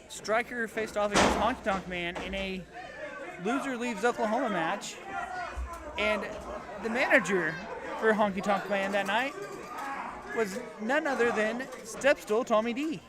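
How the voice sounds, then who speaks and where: A man calling a wrestling match play by play, excitable and telling stories between the moves. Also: high-pitched, measured pace, pauses often, very noisy. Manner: excitable, storytelling. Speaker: wrestling commentator. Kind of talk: play-by-play commentary. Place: wrestling event venue. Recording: loud crowd all around. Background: loud crowd.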